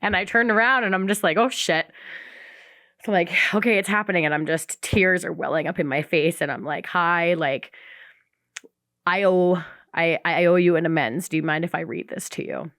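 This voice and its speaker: Woman, low voice, dry room, candid storytelling, swears, acts out voices, podcast co-host. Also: moderate pace, fairly bright tone, no echo. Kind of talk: casual recovery podcast chat.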